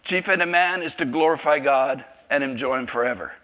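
A man's voice: mid-range voice, a little fast, bright, forceful tone. A man in his fifties from South Africa, giving a rambling, self-deprecating testimony to a church group. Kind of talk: personal testimony to a congregation.

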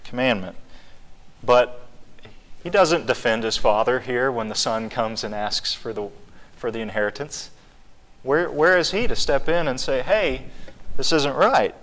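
A man's voice: mid-range voice, animated, a little slow, fairly bright tone, in a large hall. A man leading a Bible study, teaching conversationally and asking the group questions.

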